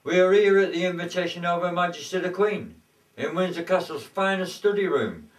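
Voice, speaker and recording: Man playing an excitable ex-soldier. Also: high-pitched, brisk, close to an everyday voice. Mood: announcing. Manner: excitable, exclaiming. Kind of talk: amateur comedy sketch. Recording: echoey room, voice from far off.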